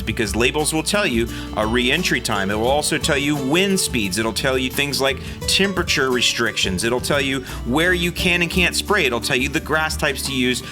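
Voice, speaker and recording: A man hosting a podcast, giving earnest, reassuring safety advice in a recorded aside. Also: medium pitch. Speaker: podcast host. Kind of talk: recorded aside over music. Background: music.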